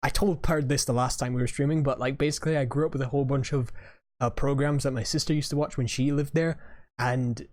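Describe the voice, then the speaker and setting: A man's voice: medium pitch, steady tone, fast talker, darkish tone. A man streaming and chatting casually, rambling, swearing freely and laughing at his own tangents as he reacts to videos. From Australia.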